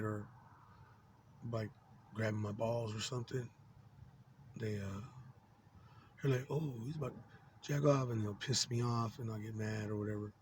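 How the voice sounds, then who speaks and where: A man's voice: lowish voice, background noise. A man in his forties talking to camera in an angry, rambling, profane monologue full of fillers and restarts. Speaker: vlogger.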